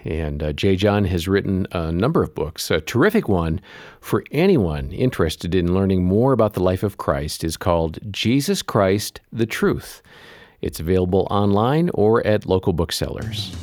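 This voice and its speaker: A male radio co-host closing the episode in a smooth announcer manner. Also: deep voice, expressive, normal speed, darkish tone, no room sound, studio quality. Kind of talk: broadcast show outro.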